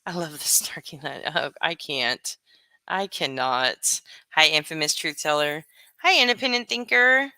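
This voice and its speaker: Brief: woman streamer, blunt and salty, bright smooth voice, dry close sound. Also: deep voice, unhurried, no room sound. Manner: blunt, profane, animated, greeting chat by name. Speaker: live streamer. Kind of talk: casual livestream chat.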